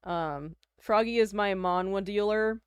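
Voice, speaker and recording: A woman's voice: mid-range voice, unhurried, clean tone, no room sound, clean studio sound. A young woman from Canada chatting casually on a livestream, rambling with lots of fillers and little laughs. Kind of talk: casual chat.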